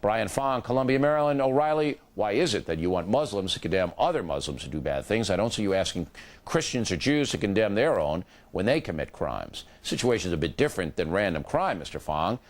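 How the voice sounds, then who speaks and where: A man's voice: on the low side, sing-song, a little fast. A man hosting a cable news show, reading viewer letters aloud and answering each with a short, dry retort. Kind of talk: reading viewer mail on air.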